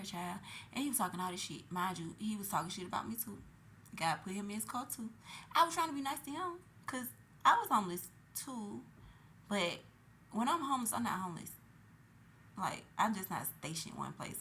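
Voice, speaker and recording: Loud, profane woman vlogging. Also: medium pitch. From Atlanta, USA. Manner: loud, profane, animated, swings between shouting and hushed asides. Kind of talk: casual storytelling monologue. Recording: noisy background.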